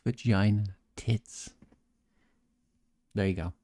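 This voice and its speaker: Casting note: young man, low voice, loose rambling streamer banter, reads chat aloud and riffs on it. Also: fairly even intonation, slow, dark tone. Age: young adult. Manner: rambling, joking, reads chat messages aloud and answers them. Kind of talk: late-night casual chat stream.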